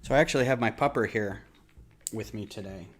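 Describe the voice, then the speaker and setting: A man's voice: lowish voice, fairly quick. A man chatting casually on a livestream while he builds, rambling and self-deprecating. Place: home office.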